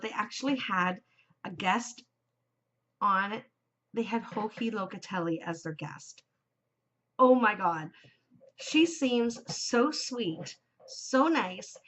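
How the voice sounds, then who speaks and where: A woman in her forties hosting a casual craft podcast, gushing and chatty and quick to laugh. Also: mid-range voice, fairly bright tone. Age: 40s. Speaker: podcast host. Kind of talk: casual chat.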